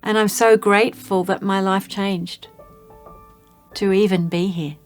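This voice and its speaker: A woman's voice: mid-range voice, fairly even intonation, a little slow. A singer-songwriter, a woman, looking back on making her album in an earnest, grateful way. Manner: earnest, grateful, heartfelt storytelling. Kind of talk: reflective promo narration. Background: faint music.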